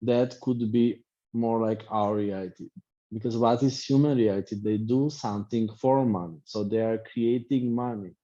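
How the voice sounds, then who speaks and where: A man's voice: on the low side, fairly even intonation, moderate pace, dark tone. A middle-aged man, a life coach teaching an online class in short, reflective, repetitive phrases. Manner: speaks in short reflective phrases, repeats himself. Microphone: video call. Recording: dull lo-fi video call audio.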